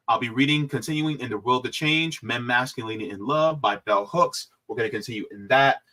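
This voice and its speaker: A man's voice: medium pitch, moderate pace, few pauses, bright, forceful tone. A man hosting a casual livestream, talking to viewers in a loose, rambling way with plenty of fillers. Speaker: livestream host.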